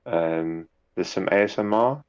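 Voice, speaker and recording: A man's voice: low-pitched, measured pace, a little mellow, clear, resonant tone, lo-fi sound. A man chatting casually in an interview, rambling a little with repeated words and fillers. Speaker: guest, YouTube narrator.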